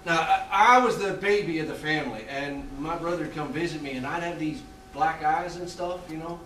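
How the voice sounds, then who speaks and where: A man performing a theatrical monologue on a small theatre stage, telling a confessional story with halting restarts. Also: a little high, fairly bright tone, slight background noise. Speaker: stage actor playing a death row inmate. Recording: roomy theatre sound from a distant mic.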